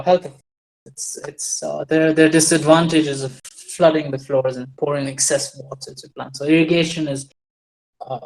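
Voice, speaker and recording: A man's voice: fairly high pitch, a little mellow, low-quality recording. A man giving a rambling, digressive casual monologue while sharing his screen, with wry, self-deprecating asides and frequent restarts. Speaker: commentator on farming trends.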